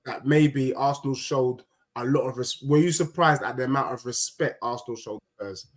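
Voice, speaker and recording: A man's voice: mid-range voice, normal speed. A man hosting a fan call-in stream, teasing and talking over his callers in casual banter.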